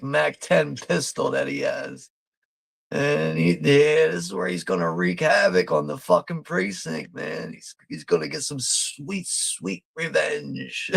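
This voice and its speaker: A man's voice: fairly high pitch, vocal fry, a bit bright, slightly rough, no room sound. A man hosting a live watch party, commenting casually over a film, laid-back, swearing freely and laughing often.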